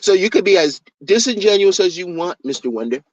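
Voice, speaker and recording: A man's voice: lively intonation, fairly quick, no echo. A man putting on the voice of a boastful, condescending male crypto founder who talks down to a critic. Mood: smug, scornful. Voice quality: low, mocking, self-important. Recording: dull dry lo-fi recording.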